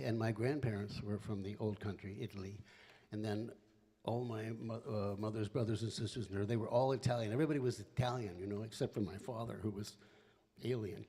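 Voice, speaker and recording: A man's voice: lowish voice, mellow, husky. A man in his seventies from Philadelphia, a singer-songwriter telling a rambling, chatty family story between songs, with laughing asides. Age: 70s.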